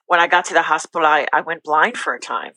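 Bright-voiced middle-aged woman, earnest. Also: low voice, dry recording, rough recording. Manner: earnest, faith-filled, talks in quick bursts with restarts. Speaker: podcast guest. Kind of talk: candid personal testimony.

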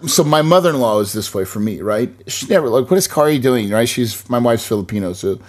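A man's voice: lowish voice, expressive, a little fast, a little mellow. Upbeat male podcast host. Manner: upbeat and enthusiastic, lots of "right?" tags. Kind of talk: casual interview.

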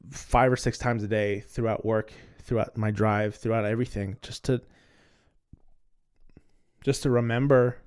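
A man's voice: mid-range voice, darkish tone, clear, resonant tone. A man hosting a podcast and telling a personal story in a candid, casual way. He swears freely and repeats words as he restarts. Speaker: podcast host. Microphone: recording on two cameras.

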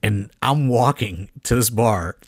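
A man's voice: fairly low pitch, measured pace, dry recording, studio quality. A man, a wrestling promoter, telling a story on a podcast in a rambling, profane way, full of "like" fillers and laughing as he goes.

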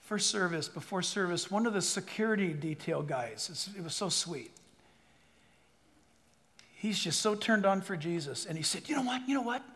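Pastor, male, very high bright voice, animated emphatic sermon delivery, large reverberant hall, congregation laughing. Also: normal speed. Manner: animated, emphatic preaching with asides and quoted voices. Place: church hall before a congregation. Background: audience laughter.

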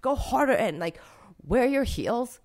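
A woman's voice: a little high, big pitch swings, measured pace, darkish tone. A young woman being interviewed about her street art, talking in a casual, emotional way full of fillers.

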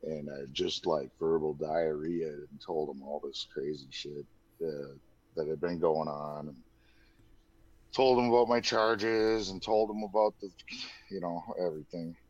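A man in his thirties tells his own story loosely and candidly, dropping "like" and "dude" constantly. His voice is extremely low, darkish and breathy-edged, with a measured pace. The recording is dull, lo-fi and dry.

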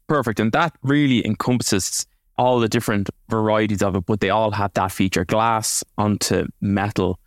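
Guy on a podcast, lowish voice, dry close mic, rambly and explainy. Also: no echo. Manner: explains at length, with many fillers and restarts. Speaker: podcast co-host. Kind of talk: casual explanatory chat.

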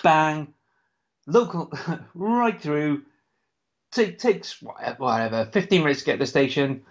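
Podcast co-host, male, rambling anecdotal storyteller, slightly high pitch, dull lo-fi recording. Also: animated, unhurried. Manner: rambling storyteller, swears, laughs often. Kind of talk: casual chat. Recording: dull lo-fi sound.

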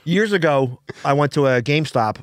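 A man's voice: a little high, lively intonation, moderate pace, dry recording. A man on a podcast, telling rambling anecdotes in casual chat, with frequent restarts. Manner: rambling, restarts, laughs often.

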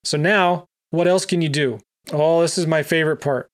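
A man's voice: fairly high pitch, moderate pace. A man teaching land investing, talking emphatically and directly to the viewer. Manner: emphatic, animated, talks straight to the viewer. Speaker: real estate investor teaching. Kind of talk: energetic coaching talk.

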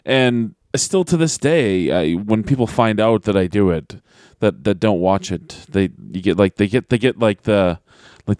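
Male podcast co-host, pro wrestler, lively swooping delivery, dry close sound, brash and sarcastic. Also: on the low side, moderate pace, no room sound. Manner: animated, mocking, swears freely. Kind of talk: casual podcast chat.

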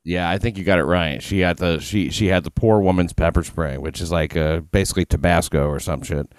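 A man hosting a podcast in casual chat, delivering commentary in a dry, sardonic deadpan. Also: low voice, a little fast, no room sound. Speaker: podcast host.

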